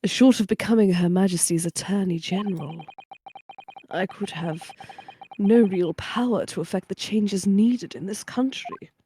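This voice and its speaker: A woman voicing a scheming, ambitious male judge villain in a fan-read game, with a slow, measured delivery. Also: medium pitch, mellow, a little hiss or hum, natural voice. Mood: cold.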